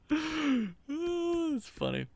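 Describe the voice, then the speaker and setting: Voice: sits high, gravelly, a little mellow. A gaming channel host giving casual, chatty gameplay commentary and laughing at their own jokes.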